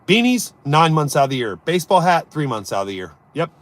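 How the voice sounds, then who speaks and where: A man hosting a casual live stream, joking around and answering viewers' chat, swinging between loud bursts and mumbled asides. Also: fairly high pitch, very animated, fairly quick.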